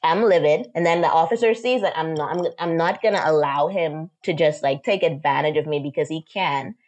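A young woman from the Bahamas telling a personal story as an interview guest, animated and acting out quotes. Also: sits low, a little fast, dull audio. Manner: animated, acts out quotes, frequent "like".

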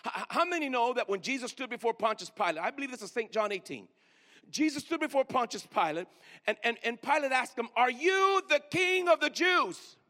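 A pastor delivers an animated sermon in a high, bright voice, slowing to stretch out the words he wants to land and calling for the congregation to answer him back. He preaches in a church sanctuary, his voice ringing through a large hall with a long reverb.

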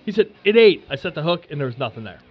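A podcast host spinning a casual story, animated and swearing freely with lots of fillers. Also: male voice, medium pitch, racing, breathy edge, lo-fi sound, soft background music.

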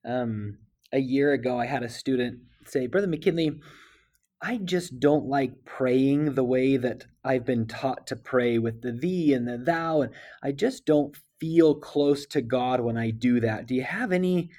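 Man, earnest, emotional, halting restarts, mid-range voice. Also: mid-range voice, mellow. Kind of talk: heartfelt scripture discussion.

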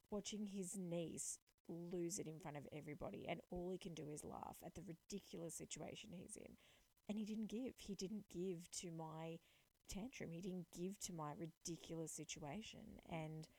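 A woman's voice: lowish voice, gravelly, dark tone, low-quality recording. An Australian woman in her late twenties gives an earnest, reflective personal talk that builds to emphatic calls to action. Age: late 20s.

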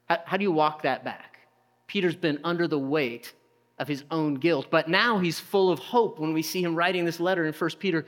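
Pastor, male, conversational sermon delivery with rhetorical questions, slightly raised pitch, big echoing hall. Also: normal speed, a bit bright. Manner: conversational preaching with rhetorical questions and acted-out quotes.

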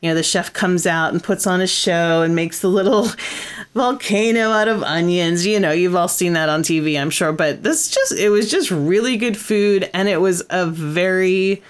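A chatty woman co-hosting a relaxed conversation. Her voice sits fairly low for a woman, and she fills her talk with ums and likes as she goes. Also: normal speed, clean tone. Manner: chatty, with frequent fillers and laughs. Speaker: podcast co-host. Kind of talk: casual chat.

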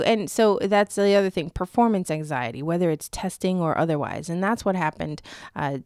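A woman's voice: deep voice, dark tone, no echo. A woman co-hosting a casual podcast chat, telling a story with animation and frequent laughs, recorded in a city studio. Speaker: podcast co-host.

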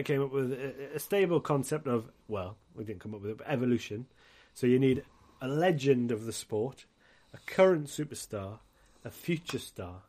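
A man's voice: mid-range voice, darkish tone. Sweary rambling podcast host man. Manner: rambling, sweary, laughs often. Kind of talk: casual chat.

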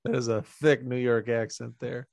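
A man's voice: mid-range voice, flat delivery, moderate pace, creaky, a little mellow, no room sound, studio quality. A man hosting a podcast, casually and crudely retelling a film's plot with jokes. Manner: crude, joking plot recaps. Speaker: podcast host.

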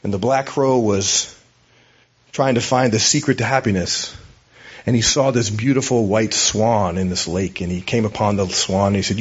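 A man's voice: lowish voice, moderate pace, slightly rough, muffled recording. A man preaching a sermon as a pastor, in a conversational, storytelling way with hesitations.

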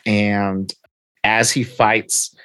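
A man in casual chat, retelling a comic story with lively acted-out dialogue. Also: on the low side, a little slow, no room sound. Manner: animated retelling, reads captions aloud and acts out dialogue. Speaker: podcast co-host recapping comics.

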